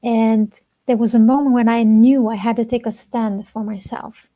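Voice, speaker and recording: A woman relationship coach speaking slowly and deliberately to camera, soft-spoken with long pauses, in a personal talk. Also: fairly high pitch, steady tone. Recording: dull lo-fi sound.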